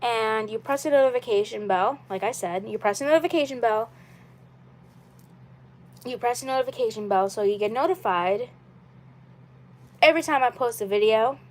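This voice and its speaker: A woman with a fairly high voice talks on her own live stream in a loose, casual way. She rambles and circles back, repeating the same phrases again and again. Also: normal speed, pauses often. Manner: rambling and repetitive. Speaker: channel host.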